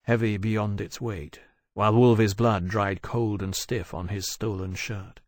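A man narrating an audiobook in a measured, steady way. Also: fairly low pitch, no echo, clean studio sound.

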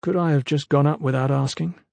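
A man's voice: fairly high pitch, steady tone, brisk, creaky, darkish tone, no room sound. A man voicing an eager, apologetic young recruit in an audiobook, close to his own voice. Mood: earnest. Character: young man, earnest, awkward student soldier.

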